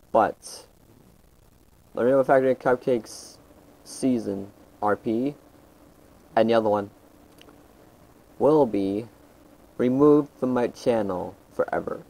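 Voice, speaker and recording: A man's voice: medium pitch, slow, long pauses, a little mellow, rough recording. A man giving casual, rambling commentary over his gameplay, often stopping and restarting his sentences. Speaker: gaming channel host.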